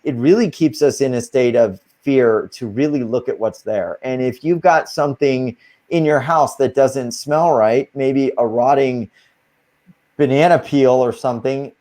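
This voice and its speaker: A man with a middling pitch appears as an interview guest, speaking at normal speed in a warm tone. Casual but earnest, he lays out spiritual advice step by step.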